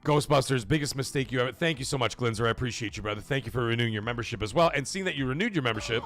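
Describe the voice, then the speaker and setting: A man's voice: mid-range voice, racing, a bit bright, faint music behind. A man hosting a gaming livestream, talking to chat in an emphatic, blunt way with swearing. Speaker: gaming show host.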